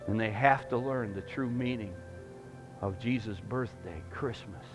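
A man preaching a sermon in a church, emphatic and rising loud, then praying in a hushed voice. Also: on the low side, measured pace, music in the background. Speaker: pastor. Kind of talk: sermon and closing prayer. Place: church sanctuary.

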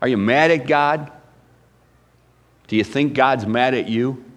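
A man preaching a sermon as pastor, animated and swinging between loud emphasis and hushed asides. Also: medium pitch, takes it slowly, long reverb tail.

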